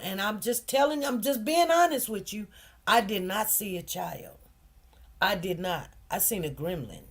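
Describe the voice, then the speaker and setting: A woman hosting a commentary channel tells a personal story straight to her viewers, emotional and repetitive. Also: mid-range voice. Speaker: host of a news commentary channel.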